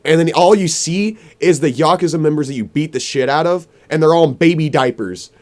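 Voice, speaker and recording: A man's voice: fairly high pitch, brisk. A young adult man hosting a podcast, chatting casually and rambling through a story with lots of filler words. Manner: rambling storyteller, heavy on filler "like", laughs often. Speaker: podcast host. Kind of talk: casual chat.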